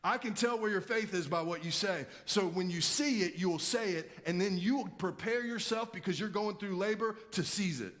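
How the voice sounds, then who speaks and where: A man's voice: high-pitched, moderate pace, few pauses, fairly bright tone. A male pastor giving a sermon with emphatic preaching and rhetorical questions to the congregation.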